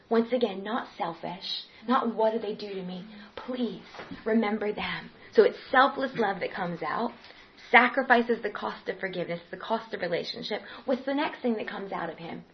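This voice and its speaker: A woman preaching a sermon with passion, swinging from loud emphatic lines to hushed, near-whispered ones. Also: on the high side, lively intonation, normal speed. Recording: slightly dull sound with faint background noise.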